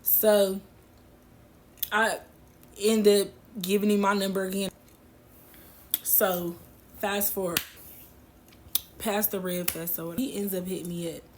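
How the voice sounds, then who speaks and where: A woman's voice: mid-range voice, little pitch movement, slow, long pauses, slight background noise. A woman casually telling a personal story to her viewers, slangy and laughing as she goes.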